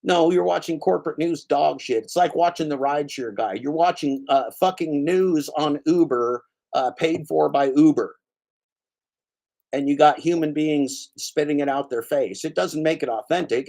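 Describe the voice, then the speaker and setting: Speaking at normal speed in a slightly high, gravelly, somewhat mellow voice, a man who hosts his own channel launches into a heated, profanity-laced rant, naming a commenter he's calling out.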